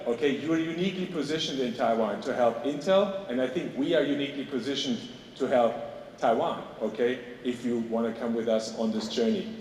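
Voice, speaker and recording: A man speaks English with a German accent, delivering a keynote in a loose, conversational way and punctuating his points with "okay?". His mid-pitched voice rings through a large, reverberant hall, picked up from some distance with a faint hiss behind. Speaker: keynote speaker at a tech industry event. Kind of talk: conference keynote speech. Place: large conference hall on stage. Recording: echoey hall, distant mic, faint noise.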